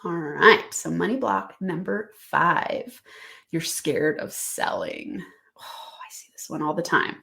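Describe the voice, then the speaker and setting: A woman's voice: on the low side, gravelly, fairly bright tone. Upbeat woman coaching listeners. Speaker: podcast host and business coach. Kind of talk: motivational solo podcast.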